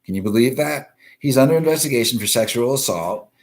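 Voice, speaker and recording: A man's voice: mid-range voice, lively intonation, fairly quick. A man hosting a live-stream news show, ranting bluntly and profanely while greeting viewers from the comments. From East Coast of the US. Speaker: livestream news show host.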